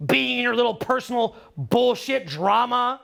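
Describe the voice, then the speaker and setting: A man's voice: very high voice, lively intonation, moderate pace, vocal fry, a bit bright. A middle-aged Canadian man with a Canadian accent giving a live seminar talk, profane and teasing. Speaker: seminar speaker.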